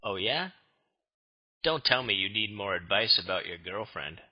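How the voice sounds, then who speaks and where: A man's voice: lowish voice, animated, normal speed. A man playing a laid-back student. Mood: casual. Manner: casual, easygoing. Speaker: dialog actor. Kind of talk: scripted textbook dialog. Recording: muffled lo-fi studio recording.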